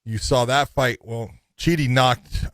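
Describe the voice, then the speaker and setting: A man's voice: mid-range voice, a little slow, no room sound. A man co-hosting a fight podcast, telling stories with lots of laughter in casual chat. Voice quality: animated storyteller, laughs often. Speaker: podcast co-host.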